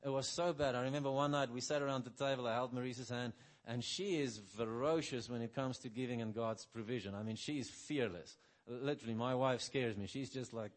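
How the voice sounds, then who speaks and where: Middle-aged guy preaching, chatty storytelling sermon, voice drops soft when he quotes himself. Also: medium pitch, brisk. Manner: conversational, often checks in with "right?". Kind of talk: sermon with personal testimony.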